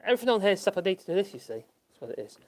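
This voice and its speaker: A man with a high, sing-song voice talks at a racing clip while working on a woodworking project in his workshop. Hosting his woodworking channel, he rambles casually to the camera, chuckling and talking to himself.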